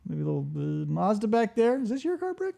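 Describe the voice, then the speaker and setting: Brash, foul-mouthed show host with a lively voice. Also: medium pitch, fairly quick, vocal fry, noisy background. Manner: brash, joking, swears freely. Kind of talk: casual profane banter.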